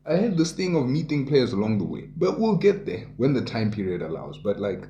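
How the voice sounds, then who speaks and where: A man's voice: medium pitch, big pitch swings, fairly quick, warm tone, reverberant, muffled recording, slight background noise. A young South African man casually telling a personal story, full of township slang and voiced asides. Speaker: podcast host.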